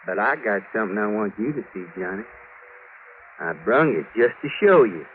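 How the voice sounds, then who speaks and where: A man's voice: fairly low pitch, expressive, moderate pace, phone-quality sound, a little hiss or hum, lightly acted. A man playing a drunk, wheedling gunman who talks in a slurred drawl, in 1940s radio acting, on an old broadcast recording. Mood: menacing. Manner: sly, pleading, menacing.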